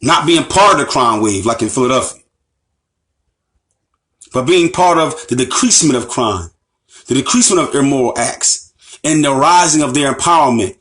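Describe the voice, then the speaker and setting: An American Islamic teacher delivers a passionate lecture in a medium-pitched, slightly bright voice, animated and at normal speed with long pauses. Emphatic and repetitive, he challenges his listeners with rhetorical questions.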